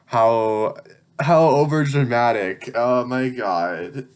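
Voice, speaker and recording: A man's voice: medium pitch, lively intonation, a little slow, a little mellow. A young man reading his childhood stories aloud, breaking off for incredulous, sarcastic, swearing asides. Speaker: channel host.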